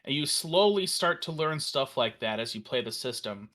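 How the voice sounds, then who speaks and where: Bright, eager man demoing software. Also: mid-range voice, expressive, moderate pace. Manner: enthusiastic, rambling with fillers and restarts. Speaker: developer demoing a virtual tabletop. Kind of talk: casual live stream demo.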